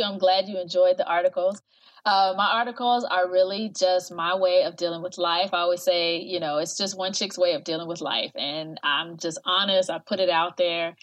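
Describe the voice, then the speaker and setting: A woman in her fifties, with a somewhat low voice, chats as a podcast guest. Her talk is animated and full of laughter. She often slips into playful, prissy put-on voices. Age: 50s. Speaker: podcast guest, mental wellness coach. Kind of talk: casual interview chat.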